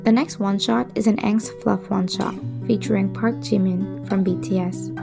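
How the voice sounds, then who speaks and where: Gravelly-voiced woman reading fan fiction. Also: medium pitch, steady tone, normal speed, over music. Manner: soft, breathy storytelling with whispered stretches. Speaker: podcast host.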